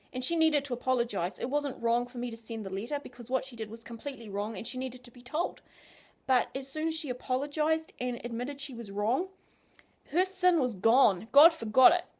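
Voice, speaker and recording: Animated woman telling a children's story. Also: fairly high pitch. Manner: animated, expressive, swings from hushed to loud.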